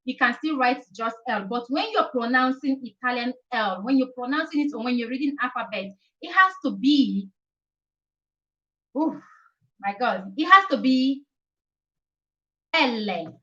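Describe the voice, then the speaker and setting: A young woman with a high, bright voice talks viewers through a lesson on a live stream. She repeats each point several times and keeps checking in with "okay?". The sound is a little dull and lo-fi, as from a webcam mic. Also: animated, moderate pace. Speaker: language teacher hosting a live chat.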